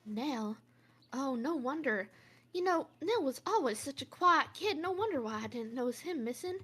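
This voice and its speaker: A woman's voice: sits high, animated, moderate pace, a bit bright. A woman voicing a flustered female caretaker of children in a put-on Southern accent, folksy and hesitant, in a tabletop role-play.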